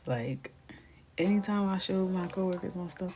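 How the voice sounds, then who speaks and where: Woman, thirties, host of a live coloring stream, low voice, chatty storyteller who slips into near whispers. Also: moderate pace, soft background music. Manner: chatty and animated, often dropping to a near whisper. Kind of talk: casual storytelling while coloring.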